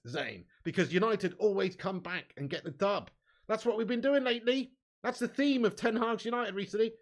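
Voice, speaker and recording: A man hosting a live match watch-along, reading out viewer chat with blunt, sweary football banter and lots of "mate" and "bud". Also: sits high. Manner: chatty, often adds "mate" and "bud". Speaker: fan channel host reading live chat.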